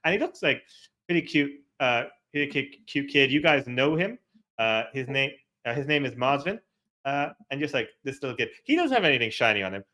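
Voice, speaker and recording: A man runs a tabletop game as its game master. His voice is bright and his pitch moves a lot, and he narrates in a loose, rambling way, full of fillers and restarts. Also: very animated, fairly quick.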